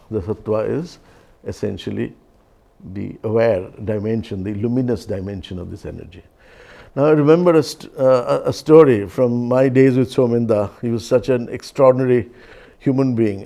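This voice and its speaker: Mellow, gravelly male storyteller. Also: mid-range voice. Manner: unhurried, story-driven, gentle humor. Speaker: speaker on leadership and mindfulness. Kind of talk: reflective storytelling talk.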